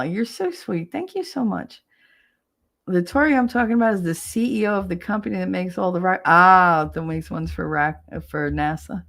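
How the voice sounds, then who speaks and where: Chatty Jersey woman streaming. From New Jersey. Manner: chatty, animated, laughs often, bursts into high yelling when acting out. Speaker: livestream host. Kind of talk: casual livestream chat.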